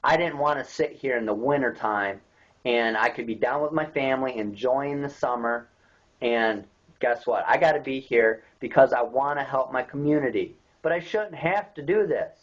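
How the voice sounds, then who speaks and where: A man's voice: mid-range voice, moderate pace. A man, angrily ranting into a webcam and firing off repeated rhetorical questions. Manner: indignant, repetitive, rhetorical questions. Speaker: local activist vlogger. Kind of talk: angry webcam rant. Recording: dull lo-fi webcam audio.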